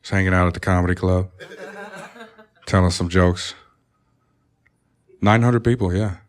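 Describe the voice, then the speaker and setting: A comedian putting on a smooth, deep-voiced, laid-back grown man's voice with an easy crooner-like drawl. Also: fairly even intonation, measured pace, a little hiss or hum. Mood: relaxed.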